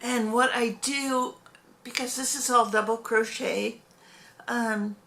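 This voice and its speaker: A woman's voice: on the high side, steady tone, slow pace, gravelly, fairly bright tone. A woman casually chatting about her crochet projects in a rambling way, often correcting herself mid-sentence. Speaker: crochet hobby vlogger. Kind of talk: casual show-and-tell chat.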